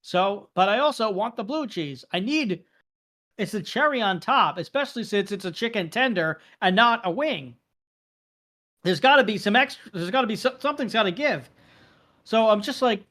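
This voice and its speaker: High-voiced man telling an animated story. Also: moderate pace. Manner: animated storytelling, acts out quoted exchanges. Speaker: podcast co-host. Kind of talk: casual chat.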